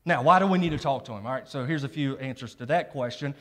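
A middle-aged male pastor with a mid-range voice talks fast as he preaches in a church sanctuary, chatting and joking with the congregation between scripture readings. Long hall reverb fills the recording.

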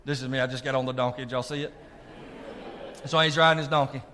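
A man's voice: mid-range voice, fairly even intonation, fast talker, pushed and bright, a little hiss or hum. A male pastor preaching a sermon, calling out to his congregation to check they are listening. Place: church sanctuary. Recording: long reverb of a large hall.

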